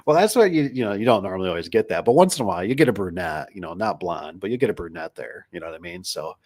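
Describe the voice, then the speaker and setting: Rambling low-voiced man chatting on a livestream. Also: expressive, fast, darkish tone. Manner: rambling, storytelling with many fillers and restarts. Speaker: livestream host, garage door business owner. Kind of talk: casual livestream chat reading comments.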